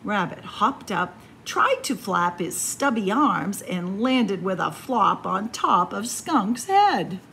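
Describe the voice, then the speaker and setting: A woman, a children's librarian, reading a picture book aloud to kids in a slow, expressive storytelling voice. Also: mid-range voice, vocal fry, slight background noise.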